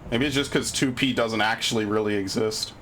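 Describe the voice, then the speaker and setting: A man's voice: lowish voice, fairly even intonation, brisk, fairly bright tone, a little hiss or hum. A man streaming a game live, commenting as he plays, swearing freely and griping sarcastically about his bad luck. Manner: profane, easily frustrated, sarcastic.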